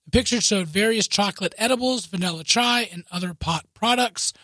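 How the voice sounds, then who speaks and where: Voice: medium pitch, fairly quick, sharp tone, dry recording. A podcast co-host chatting casually and reading a news story aloud, often breaking into laughs and asides.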